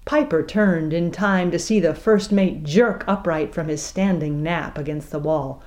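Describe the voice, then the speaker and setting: A woman reading an audiobook aloud in a measured, expressive way. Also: low voice. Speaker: narrator. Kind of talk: audiobook narration.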